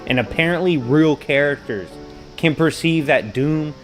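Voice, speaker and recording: A man hosting a casual reaction video, telling comic-book stories in animated, slangy talk and laughing at his own anecdotes. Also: on the high side, measured pace, faint music behind, low-quality recording. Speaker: host.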